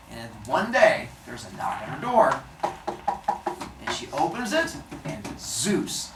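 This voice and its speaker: A male teacher retelling a myth to his class in a playful, wry, animated way. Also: fairly high pitch, slow, slight background noise. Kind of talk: classroom storytelling. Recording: echoey classroom, mic far off.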